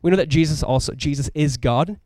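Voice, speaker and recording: A man preaches a sermon in a loose, conversational style, peppered with asides and bursts of emphasis. His voice sits a bit high, and he talks quickly. The sound is close and dry. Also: no room sound. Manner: animated, emphatic delivery. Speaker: pastor.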